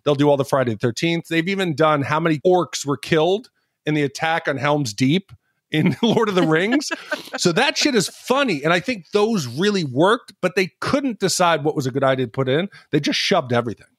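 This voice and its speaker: A man chats casually on a movie-review podcast, his voice pitched a little high and swinging widely as he acts out the scenes he describes. The sound is close and dry, with no room around it. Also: fairly quick, no room sound. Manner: animated storyteller who acts out scenes. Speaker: podcast co-host.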